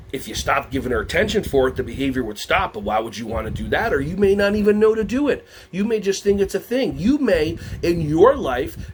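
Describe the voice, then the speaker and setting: A man presenting a teacher workshop, talking to a live audience, asking them questions and acting out quotes in high put-on voices. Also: a little hiss or hum. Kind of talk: lively teacher workshop talk.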